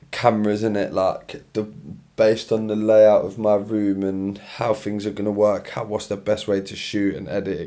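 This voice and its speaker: A man's voice: on the low side, warm tone. A tired young man, hosting his own solo podcast in a chatty, rambling, slangy way from his room. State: tired, yawning. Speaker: podcast host. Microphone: own podcast mic.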